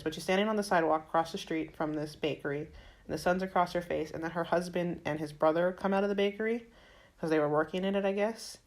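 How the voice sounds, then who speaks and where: Low, gravelly woman with a Florida accent. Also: steady tone, quick pace. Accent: Floridian American. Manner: chatty, retelling scenes with fillers like "like" and "um". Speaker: podcast co-host. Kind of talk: casual chat.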